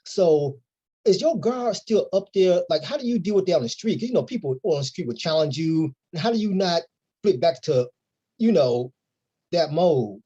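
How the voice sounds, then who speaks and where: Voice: medium pitch, lively intonation, normal speed, warm tone, slightly rough, dull audio. An interviewer asking questions and adding brief murmured affirmations.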